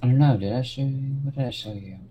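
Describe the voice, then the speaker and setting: A man's voice: medium pitch, fast, dark tone, husky. A man who streams games, chatting casually in a group and joking at his own expense. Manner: joking, self-deprecating.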